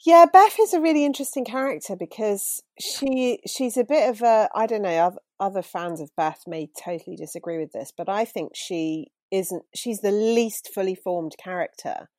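A woman talking about books in a relaxed chat, thoughtful and self-deprecating, laughing easily. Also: mid-range voice, normal speed, hardly any pauses, no echo. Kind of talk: casual book chat.

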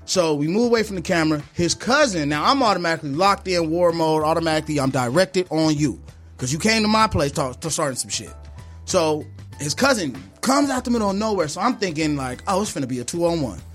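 A barber telling a story in casual chat, animated, acting out the people in it, slangy and profane. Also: male voice, a little high, a little fast, faint music behind. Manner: animated, acts out voices in his story; slangy, profane street talk.

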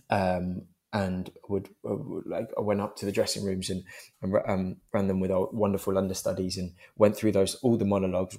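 Man, stage actor, lowish voice, rambling and eager, laughs often. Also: fairly bright tone. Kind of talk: interview talk.

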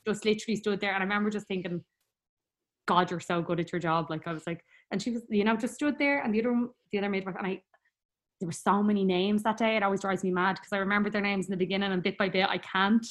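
A young woman telling a personal story in a chatty, rambling way, full of fillers and quick laughs. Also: medium pitch, steady tone. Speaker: guest.

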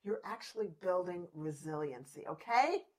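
A woman's voice: fairly low pitch, lively intonation, moderate pace, rough recording. A woman co-hosting a chatty show, encouraging her listeners and often breaking into laughter. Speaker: podcast co-host. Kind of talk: casual chat.

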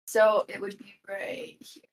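A woman's voice: medium pitch, flat delivery, measured pace, low-quality recording. A woman playing a tabletop game, a little hesitant. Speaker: player.

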